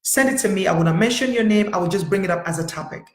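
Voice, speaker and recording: A woman's voice: mid-range voice, racing. A middle-aged woman therapist hosting a live-streamed motivational talk, speaking emphatically and repeating herself as she addresses viewers directly. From United States. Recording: echoey room.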